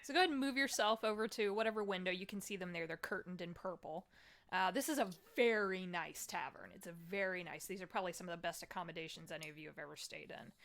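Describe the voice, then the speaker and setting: A woman's voice: fairly low pitch, fast talker, fairly bright tone. A woman running a tabletop game as game master, describing scenes in a chatty, descriptive way with many fillers.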